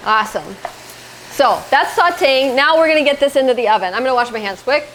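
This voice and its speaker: A woman's voice: high-pitched, expressive, a little fast, fairly bright tone, low-quality recording. A middle-aged woman hosting a casual cooking demonstration in her home kitchen, chatting through each step and talking to her son as she cooks. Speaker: cooking show host.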